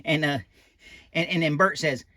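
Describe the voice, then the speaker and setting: A man's voice: a little high, moderate pace, bright, forceful tone, no room sound, studio quality. A man voicing a folksy old animatronic doll who reads a children's picture book aloud with rambling asides and loose grammar. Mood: chatty.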